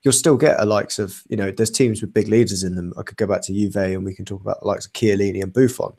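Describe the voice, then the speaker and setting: Young male podcast co-host, lowish voice, analytical, hesitant fillers. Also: steady tone, quick pace, a little mellow, slightly rough. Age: young adult. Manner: thoughtful, analytical, with frequent fillers. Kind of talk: casual football podcast chat.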